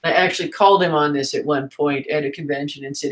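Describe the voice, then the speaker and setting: A woman's voice: very deep voice, fairly even intonation, a little fast, rough recording. Frank, chatty woman teaching writing. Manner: frank and chatty, with fillers and asides. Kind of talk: casual teaching talk.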